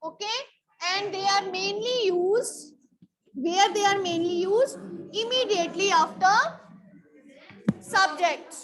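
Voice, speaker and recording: A woman's voice: very high-pitched, slow, pauses often, a bit bright, low-quality recording. A woman teacher giving a grammar lesson in a school classroom. She asks a question, answers it, and repeats it as a drill, calling on students by name.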